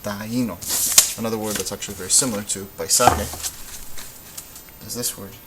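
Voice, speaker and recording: A man teaching Spanish in a relaxed, patient way, thinking aloud as he works through examples. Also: on the low side, brisk, heavy background noise. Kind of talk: informal classroom explanation.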